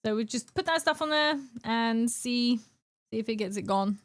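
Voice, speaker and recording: High-pitched girl streaming from home, giggly, chatty, coos at her cat. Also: moderate pace. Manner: chatty, giggly, greets chat by name, coos baby talk to her cat. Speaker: live streamer. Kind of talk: casual chat with stream viewers.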